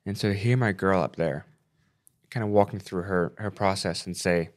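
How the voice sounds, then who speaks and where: A man in his forties co-hosting a parenting podcast, speaking haltingly with repeated words as he holds back tears. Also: sits low, fairly even intonation. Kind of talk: emotional podcast conversation.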